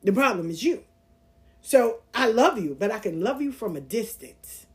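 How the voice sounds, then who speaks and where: A woman's voice: on the high side, moderate pace. A woman in her forties hosting a casual monologue, speaking bluntly and candidly as she tells personal stories. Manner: candid, blunt, animated storytelling with profanity. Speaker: podcast host.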